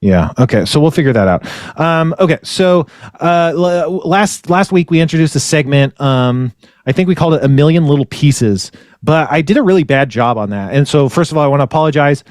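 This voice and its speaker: A man's voice: fairly high pitch, animated, fairly quick, a little mellow, no room sound, studio quality. A man hosting a podcast, retelling a story in a rambling way and correcting himself often. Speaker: podcast host. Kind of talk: casual chat.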